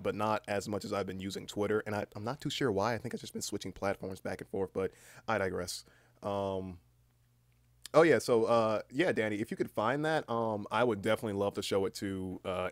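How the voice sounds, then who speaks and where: A man's voice: on the low side, no echo. A young man, just woken up, rambling through a casual stream chat with a cracking voice and lots of restarts. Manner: rambling, many fillers and restarts, swears casually. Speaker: livestreamer.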